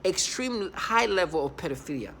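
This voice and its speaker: A man in his thirties giving a personal testimonial, halting, often repeating and restarting words. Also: high voice, lively intonation, fairly bright tone, slight background noise. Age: 30s. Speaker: vlogger.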